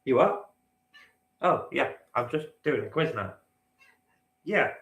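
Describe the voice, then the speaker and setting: A man's voice: medium pitch, animated, slow pace, fairly bright tone, reverberant. A man hosting a live-stream quiz, bantering with the chat and swearing now and then. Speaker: quizmaster.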